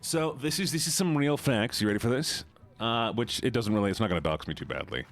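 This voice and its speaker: A man's voice: medium pitch, expressive, a little fast, soft background music. Chatty Midwestern man streaming. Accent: Midwestern American. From United States. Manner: chatty, rambling, laughs often, reads chat aloud. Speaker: VTuber streamer. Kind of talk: casual livestream chat.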